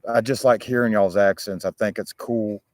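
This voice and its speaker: This Southern-accented man speaks at normal speed with a fairly low, slightly mellow voice and fairly even intonation. He's hosting a loose, casual live-stream chat outdoors on a chilly day, frequently restarting his sentences. The studio-quality audio has no echo.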